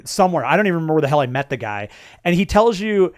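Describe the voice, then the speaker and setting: A man's voice: a little high, sing-song, very fast, dry recording, clean studio sound. A middle-aged man co-hosting a podcast, chatting casually about video games, rambling with lots of restarts and fillers. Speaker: podcast co-host.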